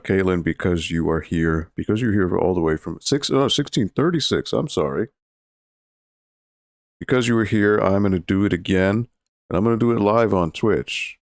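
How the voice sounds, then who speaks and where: Deep-voiced male streamer. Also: clear, resonant tone, no echo, clean studio sound. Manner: relaxed, rambling, thankful. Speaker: charity livestream host. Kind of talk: casual game streaming.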